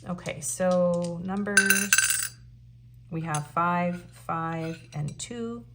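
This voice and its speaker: A woman's voice: lowish voice, very slow, heavy background noise. A woman doing a casual pick-a-card tarot reading, musing as she reads out card messages with frequent ums. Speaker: tarot reader.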